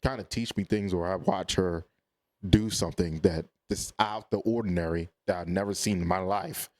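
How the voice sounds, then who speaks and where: A man guest on a podcast, chatting casually and telling animated stories that often quote his own reactions. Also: low voice, normal speed. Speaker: podcast guest, content creator. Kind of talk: casual chat.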